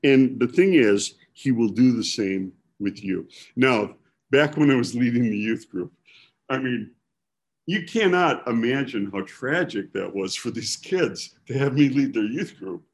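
A man's voice: mid-range voice, expressive, measured pace, breathy edge. A man from Milwaukee, preaching in a casual, rambling storytelling way with self-deprecating humor.

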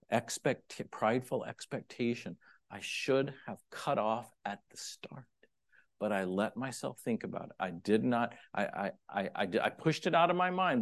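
A man's voice: mid-range voice, gravelly, a bit bright. A man preaching a sermon, conversational and confessional, with dynamic swings from emphatic peaks to near-whispers. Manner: conversational and confessional, acts out his own inner thoughts.

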